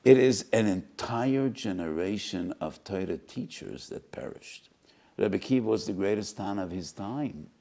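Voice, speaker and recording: Gravelly older rabbi lecturing passionately. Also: male voice, fairly low pitch, lively intonation, unhurried, mellow. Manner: impassioned, rising to emphatic repeated questions. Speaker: rabbi giving a weekly Torah lecture. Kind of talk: Torah lecture.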